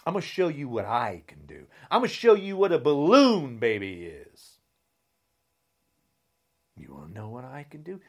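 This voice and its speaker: A man delivering a heated, insulting rant straight to camera, swinging between shouting and a low, menacing growl. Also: big pitch swings, normal speed. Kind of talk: angry political rant to camera.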